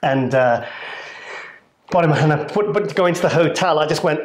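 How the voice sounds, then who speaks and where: A man's voice: on the high side, brisk, long pauses, roomy sound, crowd noise. A British man co-hosting, telling rambling, jokey stories with some swearing. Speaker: co-host. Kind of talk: casual chat.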